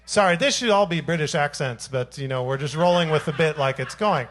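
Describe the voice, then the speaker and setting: A man's voice: on the high side, brisk, hardly any pauses, fairly bright tone, a little hiss or hum. A man who writes songs, joking and telling a playful story to a club audience between numbers. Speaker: singer-songwriter. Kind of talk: stage banter between songs. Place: small jazz club on stage.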